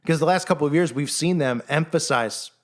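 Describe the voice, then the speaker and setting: Sarcastic male commentator, fairly high voice, animated monologue. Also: a little fast. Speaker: online commentator.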